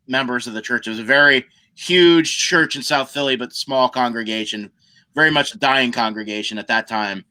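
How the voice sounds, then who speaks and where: A man's voice: medium pitch, bright, forceful tone. A man, a guest musician on a podcast, telling a story in a casual way and acting out other people's lines.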